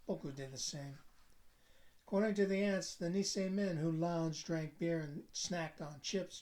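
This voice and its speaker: A man reading aloud from his own novel in a measured, reflective narrating voice. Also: a little high, a little mellow. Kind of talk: book reading.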